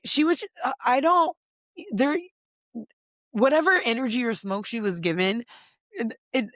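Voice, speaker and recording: A woman hosting a podcast, recapping reality TV in casual, emphatic talk full of swearing and "like" fillers, and getting louder when she is indignant. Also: mid-range voice, no room sound, clean studio sound. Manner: fired up, rising loud when indignant. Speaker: podcast host.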